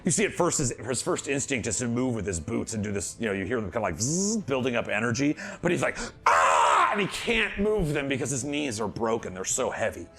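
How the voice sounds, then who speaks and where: Gravelly, animated man running a game. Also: mid-range voice, fast talker, hardly any pauses. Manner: animated storytelling with playful asides and laughs. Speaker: dungeon master. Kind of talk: narrating a tabletop game.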